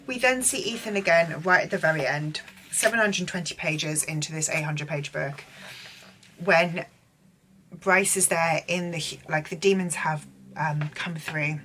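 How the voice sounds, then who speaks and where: A woman's voice: low-pitched, moderate pace, bright, forceful tone, slight background noise. A young woman giving a casual, gushing book recap, full of filler words. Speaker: book vlogger.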